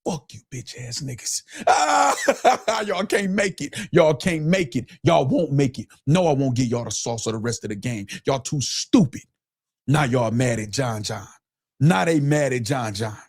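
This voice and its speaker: Husky man ranting on a stream. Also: medium pitch, normal speed, darkish tone. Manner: profane, mocking, repeats phrases. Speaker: streamer with his own platform. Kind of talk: angry livestream rant.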